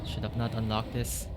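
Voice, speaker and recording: A man streaming a video game live, chatting casually with his viewers and reacting out loud to what happens on screen, from a home setup on a desk mic. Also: medium pitch, very noisy. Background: game music.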